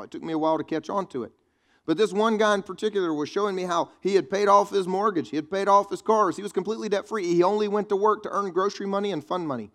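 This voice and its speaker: Male pastor, somewhat high voice, casual joking sermon delivery. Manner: conversational preaching with quips to the congregation.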